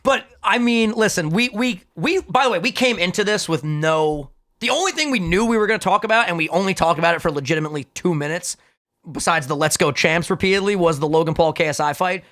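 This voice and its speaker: Bright hyped young man, podcast co-host. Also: high-pitched, animated. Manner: hyped, swears a lot, fast banter. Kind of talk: casual podcast chat.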